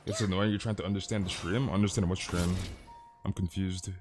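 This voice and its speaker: A man's voice: low-pitched, steady tone, fairly quick, music in the background. Laid-back young male gaming streamer. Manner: laid-back, chuckling, talks to chat, says "dude" a lot. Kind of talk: casual livestream chat.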